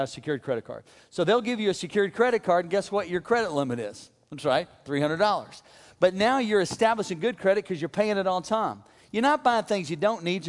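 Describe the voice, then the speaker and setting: High-voiced pastor joking from the pulpit. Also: male voice. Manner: humorous, addresses congregation directly. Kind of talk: sermon. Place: large church auditorium. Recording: long hall reverb.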